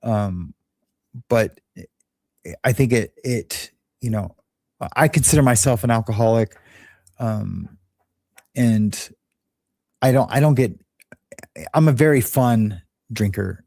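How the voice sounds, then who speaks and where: A man's voice: medium pitch, slow pace, creaky, long pauses, darkish tone, no room sound, clean studio sound. A man from Los Angeles hosting a show, telling a rambling, candid story in a casual monologue and laughing at his own jokes. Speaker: show host.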